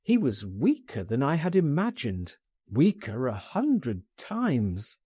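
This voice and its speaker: A male narrator reads a first-person story in a slow, measured way, his voice husky and mellow. His pitch moves a lot as he coaxes and persuades, and the recording is dry and close. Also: wildly swooping pitch, dry recording. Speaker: audiobook narrator.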